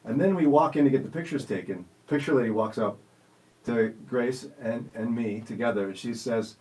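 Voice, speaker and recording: A man's voice: mid-range voice, normal speed, darkish tone, far from the mic, rough recording. Jokey male radio host, a bit off-mic. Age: 40s. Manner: jokey, self-teasing storyteller. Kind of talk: casual studio chat. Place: radio studio.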